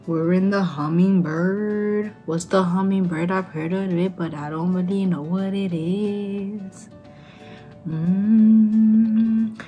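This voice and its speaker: Tipsy young woman, slow New drawl. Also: mid-range voice, steady tone, warm tone, soft background music. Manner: loose, rambling, playful and profane. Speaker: beauty vlogger. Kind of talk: casual makeup tutorial chat.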